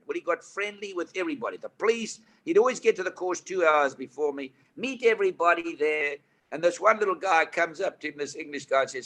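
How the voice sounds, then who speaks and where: A man in his eighties with a South African accent, telling stories as a guest, lively and emphatic. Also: high-pitched, brisk. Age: 80s. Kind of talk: animated storytelling.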